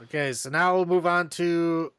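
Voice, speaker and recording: A man's voice: fairly high pitch, steady tone, normal speed, fairly bright tone, clean tone, no room sound. A man co-hosting a podcast, giving his take on a film in casual chat, hedging with ums and restarts. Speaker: podcast co-host. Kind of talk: casual movie review chat.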